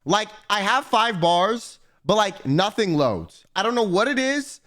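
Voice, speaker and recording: Brief: high-pitched male streamer, rambling, profane storyteller. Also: sing-song, measured pace, fairly bright tone. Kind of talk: casual storytelling chat.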